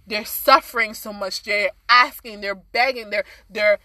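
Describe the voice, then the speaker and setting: A woman's voice: mid-range voice, fairly even intonation, normal speed, bright, forceful tone, no room sound. Earnest woman in dry close sound. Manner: earnest, impassioned, many fillers. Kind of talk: casual podcast conversation.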